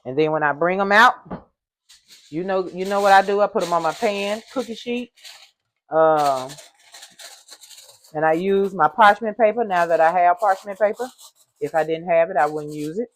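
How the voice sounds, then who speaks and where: A woman's voice: lowish voice, normal speed, pauses often, a little hiss or hum. Chatty older woman baking at home. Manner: chatty, talks to viewers as y'all, hums while working; loud at times, apologizes for yelling into the mic. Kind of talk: casual cooking vlog. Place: home kitchen. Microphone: microphone.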